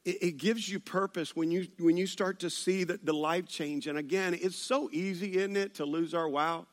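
A man's voice: sits high, moderate pace. A man preaching a sermon, telling stories with playful asides. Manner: animated storytelling with playful asides. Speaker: pastor.

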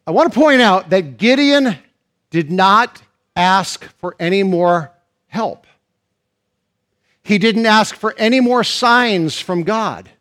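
Brief: high-pitched male pastor, preaching style, builds and stretches key lines. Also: animated, a bit bright. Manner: preaching with rising emphasis, drawn-out stressed phrases. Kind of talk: sermon.

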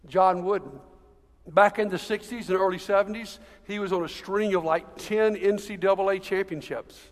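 High-voiced preacher in a reverberant hall. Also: male voice. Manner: conversational preaching with repeated words and slow emphatic phrases. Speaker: pastor. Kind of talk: sermon.

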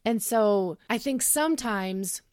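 A woman in her thirties talking in a podcast, explaining calmly and earnestly and acting out what she would say to her child. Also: a little high, slow pace, no room sound, studio quality. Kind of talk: conversational podcast talk.

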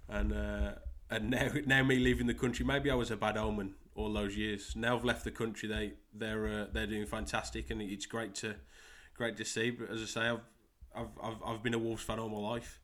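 A young English man with a West Midlands accent hosts his own soccer podcast alone. His voice sits low and stays fairly flat. He talks haltingly, repeating words and filling pauses as he goes. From England. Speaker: podcast host and soccer coach. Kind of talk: solo podcast monologue.

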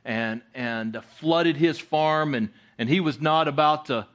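Guy preaching a sermon, kinda high voice, stumbles and repeats words, chatty. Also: fairly bright tone. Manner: halting, repeats words, conversational. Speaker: guest preacher.

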